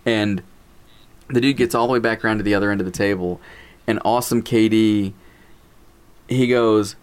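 Man, lower voice, casual storytelling, animated, acts out quotes. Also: normal speed, clean tone. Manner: animated, acts out quotes, laughs while telling.

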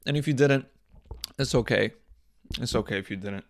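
With long pauses at a normal speed, this young podcast host talks alone in a crude, joking, meandering style, sometimes erupting in mock outrage. His voice is mid-range, and the small indoor set leaves no room sound.

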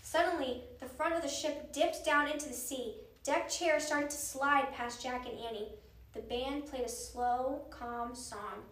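A woman with a high voice reads a children's chapter book aloud. Her delivery is expressive and dramatic. She sits back from the mic in an echoey room. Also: measured pace, distant mic. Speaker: storyteller. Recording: roomy sound, voice off-mic.

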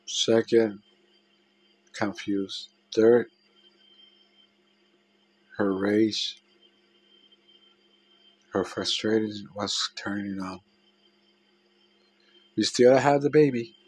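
Husky guy talking real slow and low, halting and emotional, going back over his own story. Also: dry recording, low-quality recording. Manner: halting, emotional, with restarts and trailing phrases. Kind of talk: personal confessional storytelling.

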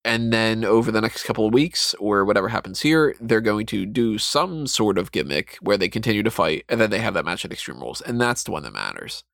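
Lively low-voiced man in dry sound. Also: brisk, creaky, few pauses, no room sound. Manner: animated, mocking asides, rambling. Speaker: podcast co-host. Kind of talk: casual wrestling chat.

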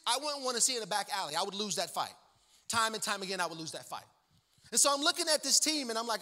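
A man's voice: sits high, expressive, brisk, pushed and bright. A man who is a guest pastor, telling a joking story in a sermon with a loose, conversational manner full of fillers. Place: church sanctuary. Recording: long church-hall reverb.

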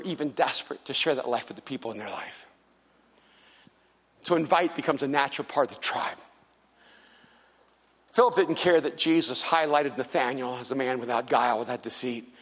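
A man preaching a sermon as pastor, telling stories with animation and turning soft and earnest for his appeals. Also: normal speed, long pauses. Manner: animated storytelling, acts out quoted people in a higher voice. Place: large church hall. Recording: long hall reverb.

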